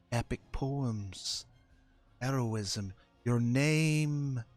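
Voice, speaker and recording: Guy putting on a whispery seductive spirit lady, slow and hushed, dry sound. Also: mid-range voice, no room sound. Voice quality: soft, breathy whisper.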